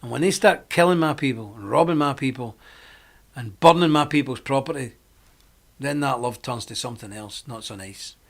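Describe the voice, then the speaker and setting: A man's voice: medium pitch, normal speed. A middle-aged man hosting a live-stream monologue, talking in a rambling, chatty way with frequent laughs. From Britain. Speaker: host.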